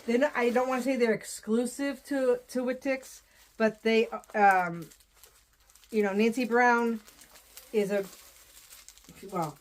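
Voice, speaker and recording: A woman's voice: a little high, steady tone, slow, long pauses. A woman from Southern New Hampshire, chatting casually as she unboxes wreath ribbon, rambling and repeating her phrases. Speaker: wreath designer and vlogger.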